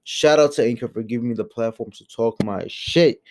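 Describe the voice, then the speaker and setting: A man hosting his own solo podcast, ranting in a heated, profane and exasperated way, swinging from low mutters to loud outbursts. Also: normal speed. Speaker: podcast host.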